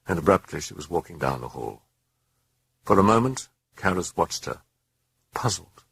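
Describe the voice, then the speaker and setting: A man narrating a horror novel in a dramatic, expressive way. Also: sits low, moderate pace, vocal fry, long pauses, slightly rough, dry recording.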